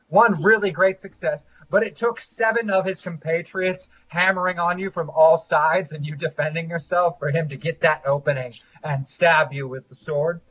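A man narrating as game master, describing scenes and rulings in a measured way with frequent pauses. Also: fairly high pitch, a bit bright. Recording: dull lo-fi audio.

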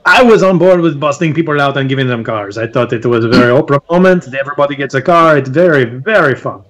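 A man's voice: mid-range voice, animated, fast, fairly bright tone, close to an everyday voice. A man voicing Pete, a boastful, swaggering cowboy who sprinkles French words into his talk during a tabletop role-play. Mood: playful.

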